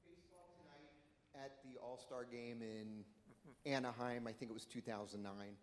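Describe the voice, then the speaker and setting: A man from the audience telling an animated work story at a panel discussion. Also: mid-range voice, normal speed. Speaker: audience member sharing a story. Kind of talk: anecdote told at a panel. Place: conference hall. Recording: echoey conference hall.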